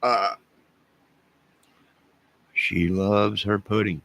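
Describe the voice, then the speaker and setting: A man's voice: on the low side, fairly even intonation, drawn-out words, creaky, fairly bright tone. A man from the American South hosting a casual live stream, rambling jokily and talking to his chat viewers by name.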